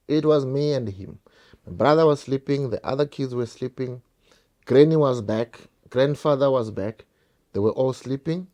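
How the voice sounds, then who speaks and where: A man's voice: mid-range voice, mellow. A South African man telling a painful personal story straight to his viewers, repeating phrases and calling them guys. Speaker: vlogger.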